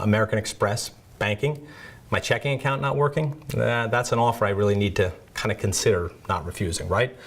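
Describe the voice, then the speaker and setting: Chatty, low-voiced male security trainer. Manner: conversational, self-deprecating, peppered with "right?". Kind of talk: educational video presentation.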